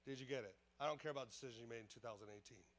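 A man's voice: mid-range voice, rapid-fire, a bit bright. A man preaching a sermon as pastor, emphatic and repetitive, calling out questions to the congregation. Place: church service.

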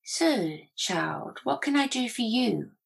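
A woman's voice: on the high side, sing-song, slow, vocal fry, breathy edge, voice pushed up, full character voice, low-quality recording. A woman voicing an ancient, toothless female witch who mocks and probes with sly questions.

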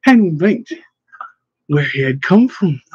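A man narrating a storybook in a steady, even reading voice. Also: a little high, measured pace, breathy edge, no room sound. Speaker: audiobook narrator. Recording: dull lo-fi dry recording.

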